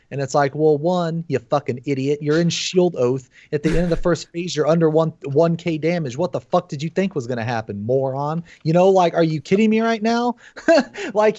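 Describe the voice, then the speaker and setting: A man rants bluntly and profanely as a podcast guest, his fairly high voice swinging up as he gets worked up. The sound is dull and lo-fi, recorded dry with no room echo. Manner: blunt, profane, animated ranting with laughs. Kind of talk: casual podcast chat.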